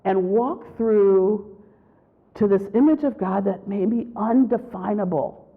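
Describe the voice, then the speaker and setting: A woman giving a spiritual retreat talk, telling a personal story with animated storytelling and acting out what people said. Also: mid-range voice, slow pace. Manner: animated storytelling, acts out quotes. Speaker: retreat speaker. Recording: tinny phone-like sound.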